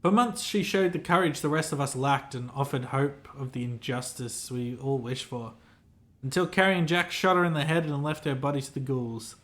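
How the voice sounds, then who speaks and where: A man's voice: on the high side, lively intonation, normal speed, lightly acted. A man voicing a pompous, self-important male hotel clerk in a game, reading the lines aloud in a formal, fussy, theatrical manner.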